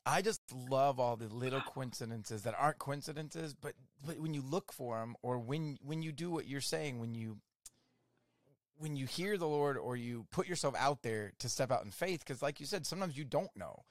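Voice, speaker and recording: A man hosting a faith conversation, reflecting warmly on what his guest said and adding his own thoughts. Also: medium pitch, normal speed, no echo, studio quality. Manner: affirming, reflective, many "so good" replies. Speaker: interview host.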